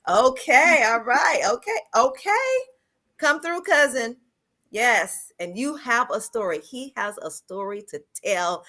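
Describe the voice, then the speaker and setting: A woman's voice: on the high side, expressive, slow, sharp tone. Upbeat woman hosting a livestream. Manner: upbeat, addressing online viewers. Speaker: livestream host. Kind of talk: livestream interview.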